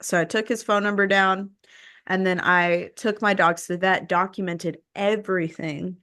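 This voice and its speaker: A woman talking casually on a podcast. She is animated and her voice jumps up high when she quotes people. Her pitch sits in the middle for a woman. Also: moderate pace. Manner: animated, acts out quoted exchanges with rising pitch. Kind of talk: casual conversational storytelling.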